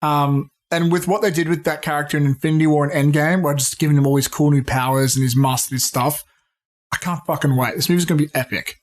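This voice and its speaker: A man co-hosting a casual film podcast, excitable and swearing freely as he talks. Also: on the high side, fast talker. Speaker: podcast co-host. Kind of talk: casual pop-culture chat.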